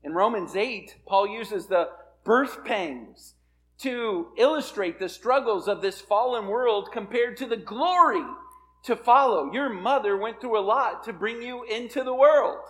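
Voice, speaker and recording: A man's voice: sits high, lively intonation, measured pace, fairly bright tone. A man preaching a sermon as a pastor, earnest and building to emphatic peaks.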